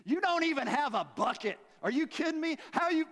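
A man voicing a sassy, world-weary woman at a well, talking loud and brash. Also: extremely high pitch, expressive, brisk, big-room sound, pitched above the performer's own voice.

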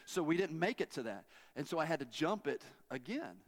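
A middle-aged man, preaching a sermon in a conversational, animated storytelling way and asking the congregation questions. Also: on the high side, a little fast. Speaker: pastor.

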